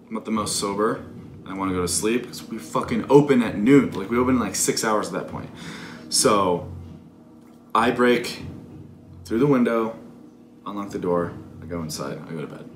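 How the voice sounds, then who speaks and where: Casual profane storyteller, man in his 20s, deep voice, roomy noisy recording. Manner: profane, candid, self-critical. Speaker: vlogger telling a story. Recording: echoey room with background noise.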